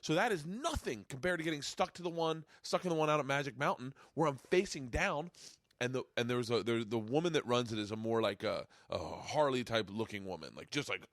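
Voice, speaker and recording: A man hosting a podcast, telling a rambling, excitable story in casual chat. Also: mid-range voice, a little fast, no echo, studio quality. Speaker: podcast host. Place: home studio.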